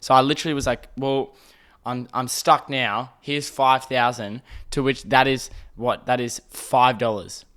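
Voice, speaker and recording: A man's voice: mid-range voice, fairly even intonation, a little slow, a bit bright. A young Australian man telling a long comic story on his podcast, rambling, swearing often and acting out the people in it. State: throat irritated by smoke. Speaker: podcast host. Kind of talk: casual storytelling monologue.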